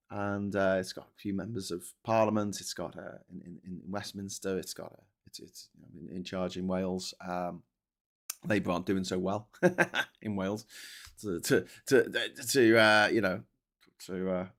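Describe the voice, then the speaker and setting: A man from Liverpool hosting a casual livestream chat, rambling and swearing often with frequent restarts. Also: fairly low pitch. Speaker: host.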